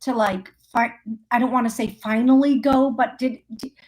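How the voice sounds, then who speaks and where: This psychic medium host speaks at a moderate pace in a slightly high, steady, darkish voice. Running a live call-in show, she stays chatty through each reading, laughs frequently, and fills her pauses with ums as she thinks aloud.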